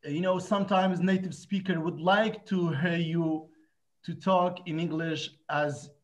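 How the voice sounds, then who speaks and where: Kurdish-accented guy, english trainer, lots of uh and you know, kinda high voice. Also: steady tone, measured pace. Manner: hesitant, many fillers, searching for words. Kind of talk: casual teaching discussion.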